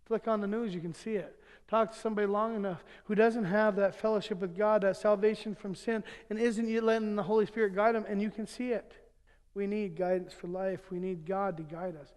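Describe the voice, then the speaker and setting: A middle-aged male pastor with a notably high voice, preaching in a church sanctuary. His words ring out with a long hall reverb. He mixes chuckling family anecdotes with earnest appeals. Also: steady tone, a little fast, a little mellow, clear, resonant tone. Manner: chuckles through his own jokes, then turns earnest. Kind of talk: sermon with humorous family stories.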